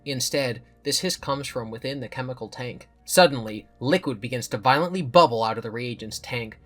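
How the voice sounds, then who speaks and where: A man's voice: mid-range voice, normal speed, fairly bright tone, faint music behind. Man reading a horror storybook aloud. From US East Coast. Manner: playful, joking asides between narration. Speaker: channel host and reader. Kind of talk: reading an interactive horror novel aloud with asides.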